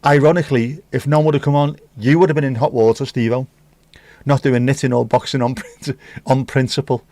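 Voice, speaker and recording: A man's voice: mid-range voice, fairly even intonation, a little fast, darkish tone, no room sound. Chatty male livestream host. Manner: chatty, cheeky banter with viewers. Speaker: livestream host reading chat. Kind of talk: casual chat. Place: home room.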